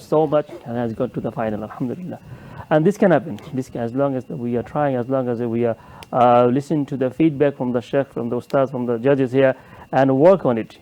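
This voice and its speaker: A man sitting as a judge on a studio panel, giving earnest, measured advice in simple phrasing. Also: mid-range voice, warm tone, low-quality recording. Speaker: competition judge.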